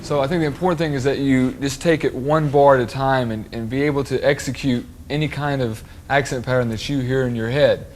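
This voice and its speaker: A man teaching a drum lesson, explaining soloing and accent patterns in a relaxed, explanatory way with frequent fillers. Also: medium pitch, brisk, hardly any pauses, background noise. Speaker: drum instructor.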